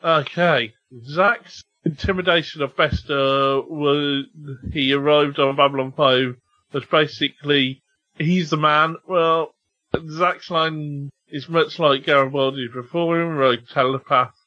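Slow, bright-voiced British man. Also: fairly high pitch, fairly even intonation, no room sound, dull audio. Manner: hesitant, many ums, apologetic self-corrections. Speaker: podcast co-host reading listener emails. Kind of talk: casual chat.

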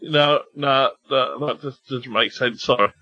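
Man from the UK, slow, hesitant, bright voice, dry muffled call audio. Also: medium pitch, no room sound. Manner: hesitant, many ums, apologetic self-corrections. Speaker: podcast co-host reading listener emails. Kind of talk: casual chat.

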